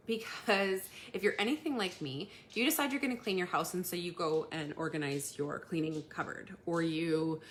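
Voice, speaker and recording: A woman hosting a casual live talk to her community, chatty, laughing often and filling pauses with ums. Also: fairly low pitch, a bit bright. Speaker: community host giving tips.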